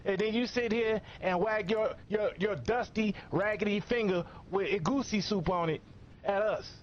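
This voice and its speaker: A man's voice: high-pitched, normal speed, slight background noise. A man delivering a profane, scolding commentary rant in a lo-fi recording. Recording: muffled lo-fi recording.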